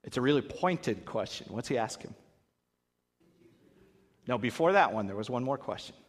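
A man's voice: mid-range voice, normal speed. A man leading an interactive Bible lesson, asking the audience questions and acting out voices. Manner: animated, acts out voices, asks the audience questions. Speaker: pastor. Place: large hall with an audience. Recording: long hall reverb.

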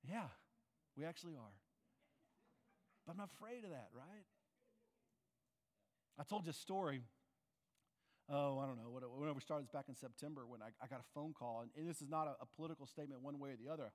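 Earnest pastor preaching in a reverberant hall. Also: male voice, a little high, brisk, pauses often, darkish tone. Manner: earnest, conversational preaching with rhetorical questions. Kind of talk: sermon. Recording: long reverb of a large hall.

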